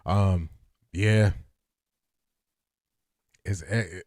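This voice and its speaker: A man with a low, morning-rough voice hosts a relaxed live sports stream, chatting straight to his viewers. He circles back and repeats his points for emphasis. The sound is dry and close. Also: normal speed, no echo. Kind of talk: casual live-stream chat.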